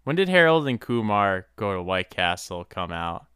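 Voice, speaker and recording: Male co-host, lowish bright voice, energy fades fast, restarts often. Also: big pitch swings, clear, resonant tone, no room sound, studio quality. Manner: bursts of energy that quickly drop off, hesitant restarts. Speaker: podcast co-host. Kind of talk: casual chat.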